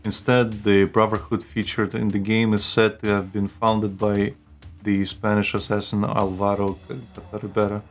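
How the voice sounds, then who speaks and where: A man's voice: lowish voice, flat delivery, normal speed, soft background music. A man co-hosting a live stream, chatting casually and jokily with restarts. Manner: rambling, jokey, with restarts. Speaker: streamer co-host.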